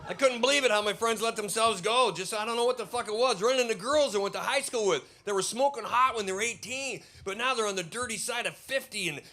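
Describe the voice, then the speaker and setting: A man's voice: high voice, quick pace, hardly any pauses, bright, forceful tone. An American man from Idaho in his fifties doing a stand-up comedy set on a club stage into a handheld mic, with a brash, profane, ranting delivery. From Idaho, USA. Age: 50s.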